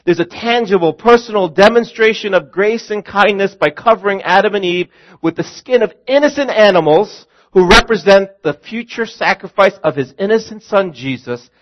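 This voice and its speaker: A man's voice: high voice, animated, normal speed, lo-fi sound. A man preaching a sermon as a pastor, earnest, calling his listeners friends and repeating key lines.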